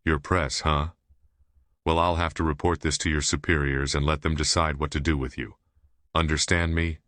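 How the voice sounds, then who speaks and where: A man's voice: extremely low pitch, steady tone, moderate pace, a bit bright, no room sound. A man reading a brusque police officer. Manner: brusque, scolding. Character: stern male police officer with a clipboard.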